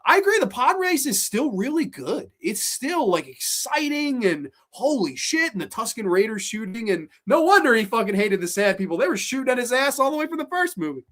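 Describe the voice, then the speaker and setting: A host in their late twenties, chatting casually on a live stream, animated, swearing freely and often restarting sentences. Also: mid-range voice, brisk, hardly any pauses. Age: late 20s. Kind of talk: casual live stream chat, reacting to viewer comments.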